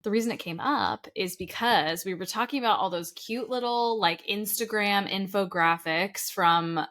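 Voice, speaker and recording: A woman's voice: mid-range voice, moderate pace, a bit bright. Chatty American woman podcast host. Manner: chatty, laughs often, reads lists aloud. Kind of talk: casual chat.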